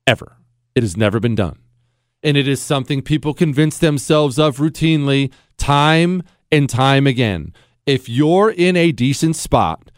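A man's voice: fairly high pitch, dry recording, clean studio sound. A man hosting a talk radio show, delivering an opinionated, sarcastic monologue with mocking asides.

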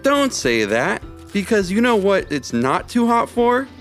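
A man doing a playful high young girl. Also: big pitch swings, unhurried, a bit bright, faint music behind, full character voice.

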